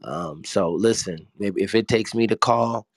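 Pastor, male, middle-aged, low and easygoing, lots of ums, dry close sound. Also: no room sound. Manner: relaxed and slow, many ums. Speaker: pastor and co-host. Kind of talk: casual morning check-in.

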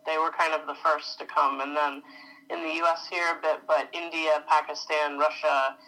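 A woman in her thirties from New York, a mother giving a relaxed, friendly podcast interview. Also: low voice, moderate pace, low-quality recording. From New York, USA. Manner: friendly, easygoing. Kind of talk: interview answers.

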